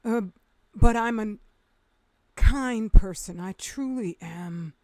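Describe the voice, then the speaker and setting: A woman's voice: a little high, slow pace, darkish tone, no room sound. A woman vlogger delivering a passionate, emphatic commentary rant, sarcastic at times.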